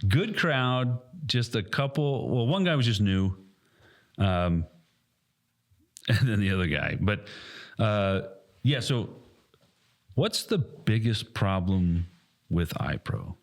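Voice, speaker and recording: A man in his thirties, co-hosting a casual podcast, telling an animated story, swearing often and acting out quotes loudly. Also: lowish voice, takes it slowly, pauses often. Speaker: podcast co-host and airsoft field staff.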